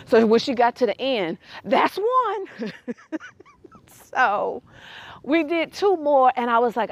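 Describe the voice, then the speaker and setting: A woman telling a personal story that turns into a faith lesson, animated and quick to laugh. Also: on the high side, no room sound, highs cut off.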